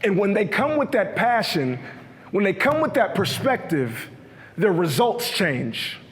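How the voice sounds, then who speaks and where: A man's voice: high-pitched, sing-song, a little slow. A young man giving a motivational keynote, full of energy and leading the audience in call-and-response. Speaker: keynote speaker. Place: large hall with a live audience. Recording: echoey hall.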